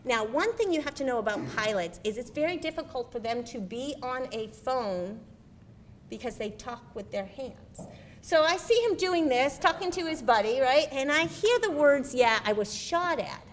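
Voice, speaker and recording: A middle-aged woman giving a lively personal storytelling speech as a military spouse, animated and full of quoted dialogue. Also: high-pitched, moderate pace, slight background noise.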